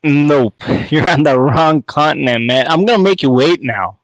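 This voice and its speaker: A man's voice: a little high, moderate pace, dry recording, poor audio. Laid-back, teasing man from Canada. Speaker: caller. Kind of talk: casual chat.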